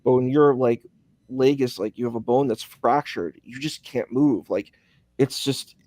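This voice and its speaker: A man's voice: medium pitch, a little slow, mellow, no room sound. A man in casual conversation, rambling through a story with many fillers, speaking from a hospital.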